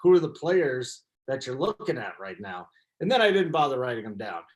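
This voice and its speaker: A man's voice: medium pitch, brisk. A man hosting a casual sports betting show, teasing his co-hosts and steering the talk. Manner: teasing, lively. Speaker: podcast host. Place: lives in the Denver area.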